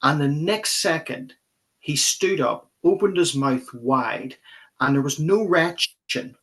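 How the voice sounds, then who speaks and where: A man's voice: fairly high pitch, slow, a bit bright. A middle-aged man, a pastor earnestly and vividly recounting a personal experience as an interview guest.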